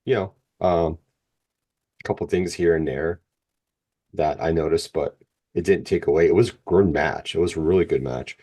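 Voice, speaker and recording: A middle-aged man co-hosting a podcast, reading out match results and rating them in a halting, plain-spoken way. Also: very deep voice, dark tone. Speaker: podcast co-host. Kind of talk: casual wrestling chat, reading results.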